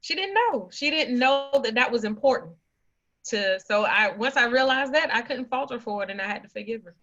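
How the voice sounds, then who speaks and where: A woman's voice: fairly high pitch, lively intonation, normal speed, bright, forceful tone. A woman guest on a podcast telling a personal family story earnestly and with emotion. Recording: dull lo-fi audio.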